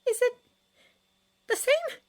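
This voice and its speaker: A woman's voice: slow pace, natural voice. A woman reading a fanfiction story, voicing a sweet, bubbly young woman who anxiously tries to keep the peace. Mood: hesitant.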